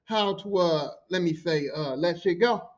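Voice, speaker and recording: A man hosting a podcast, telling work stories in a profane, animated way and acting out what people said. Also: high-pitched, measured pace, lo-fi sound. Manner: profane, animated, acts out quotes. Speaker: podcast host. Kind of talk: storytelling.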